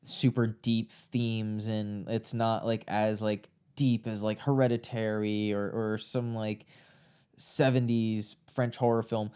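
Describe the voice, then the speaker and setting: Male podcast co-host, mellow voice, eager casual chat full of fillers. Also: on the low side, flat delivery, takes it slowly, clear, resonant tone. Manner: enthusiastic, lots of fillers and restarts. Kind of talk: casual chat about a horror film.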